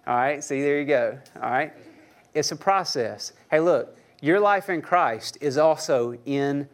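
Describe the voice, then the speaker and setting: A young man preaching a sermon in a church with a fairly high voice. He talks loosely and jokes, and keeps turning to the congregation with questions. His delivery is conversational rather than formal. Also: unhurried. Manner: conversational, joking, asks the audience questions. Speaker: pastor.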